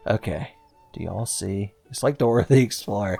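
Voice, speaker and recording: A man's voice: on the low side, moderate pace, creaky, warm tone, slightly rough. A man in his thirties giving casual gameplay commentary as a let's play host, with jokey, sarcastic and profane asides. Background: faint game music.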